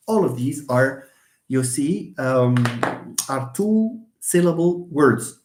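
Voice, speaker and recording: A man's voice: on the high side, big pitch swings, unhurried, echoey room, background noise. A man teaching English pronunciation in a live online lesson, stressing words and repeating them for emphasis.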